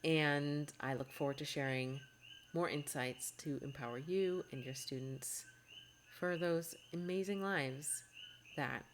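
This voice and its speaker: A woman's voice: deep voice, a little slow, a little hiss or hum. A woman hosting a podcast as a test-prep coach, talking in a heartfelt, encouraging way and often restarting her sentences. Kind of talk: earnest podcast monologue.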